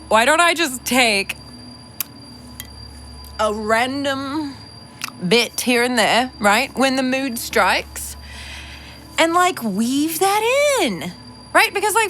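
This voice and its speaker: Woman podcast host, bright voice, slightly high, chatty and profane, casual monologue at home, faint background hum. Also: poor audio. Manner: chatty, profane, filler-heavy.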